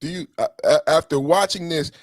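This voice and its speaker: A man's voice: a little high, brisk, dry recording. A man hosts a podcast in heated livestream commentary, emotional and profane. He circles back on his points and speaks straight to commenters. The sound is close and dry with no room in it. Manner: emotional, profane, repeats himself, talks straight to chat commenters. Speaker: podcast host.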